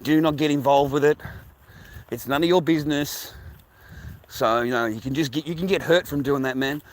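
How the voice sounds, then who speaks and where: A man from the United States talking casually to viewers while out walking, rambling, swearing often and repeating himself, sometimes dropping into hushed asides. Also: a little high, normal speed. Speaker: vlogger.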